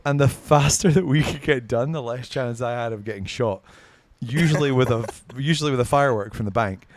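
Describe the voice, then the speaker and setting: A man's voice: medium pitch, fairly quick. A man with a Scottish accent, a podcast guest telling stories in casual chat, swearing and self-mocking. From Scotland. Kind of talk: casual storytelling.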